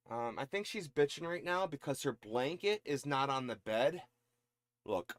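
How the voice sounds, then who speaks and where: A man's voice: a bit bright, a little hiss or hum. A man vlogging casually to his viewers while setting up gear, swearing freely and chatting as he works. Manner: baby-talks in a high voice to his cat. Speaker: streamer setting up gear on camera. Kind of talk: casual vlog talking to viewers.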